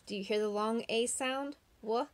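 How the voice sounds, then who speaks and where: Slow, patient woman teacher, sounding out words. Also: fairly high pitch. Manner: patient, encouraging questions to children. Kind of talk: online phonics lesson for young children.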